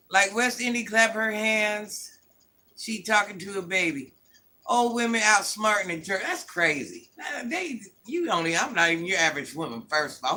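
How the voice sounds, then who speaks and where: An older woman hosts a casual livestream, bluntly scolding viewers and answering their comments with sass. Her mid-range voice swings widely in pitch and has a sharp tone, and she speaks at a measured pace with long pauses.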